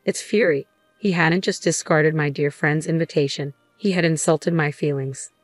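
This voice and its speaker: A woman reading a first-person story in an even, measured way. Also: sits low, no room sound, soft background music. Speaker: narrator.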